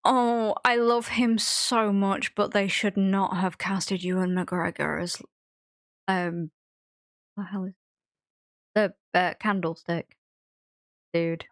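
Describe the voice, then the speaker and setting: A woman co-hosting a podcast, ranting in casual chat with opinionated, lively pitch jumps. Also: slow, pauses often, dry recording, clean studio sound. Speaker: podcast co-host.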